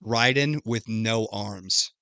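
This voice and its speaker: Bright-voiced young man recapping a game. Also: lowish voice, clear, resonant tone, dry recording. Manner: animated, profane, retells scenes with quick quoted voices. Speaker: podcast co-host. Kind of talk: casual chat recapping a video game.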